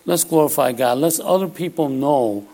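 A man's voice: fairly high pitch, moderate pace, mellow. A man preaching a conversational sermon in church, often checking in with "all right?" as he talks.

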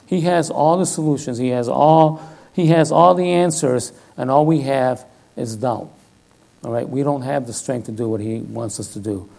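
Gravelly older man preaching with rough fry. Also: mid-range voice, mellow. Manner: conversational, repeats "all right?" often. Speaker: lay preacher. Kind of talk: sermon.

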